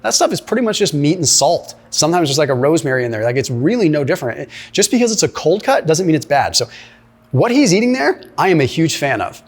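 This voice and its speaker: A man breaking down diet advice in an emphatic, explanatory way. He talks fast and conversationally, tossing in "like" and "right?" as he goes. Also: fairly high pitch, big pitch swings. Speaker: nutrition commentator. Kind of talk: commentary reacting to a clip.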